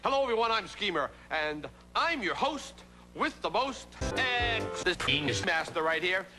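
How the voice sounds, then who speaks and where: A man's voice: high-pitched, sing-song, a little slow, over music. An actor playing a boastful, scheming showman who hosts a stage act, with showy patter in a children's TV comedy. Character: boastful scheming showman, middle-aged man. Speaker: stage host. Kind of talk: children's TV acting.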